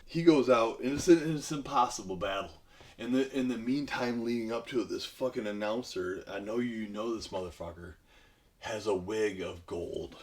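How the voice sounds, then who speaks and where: A man retelling a film plot in a rambling, profane comedic way, bursting into loud acted-out lines. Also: on the low side, moderate pace. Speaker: podcast guest retelling a film. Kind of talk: profane comedic movie recap.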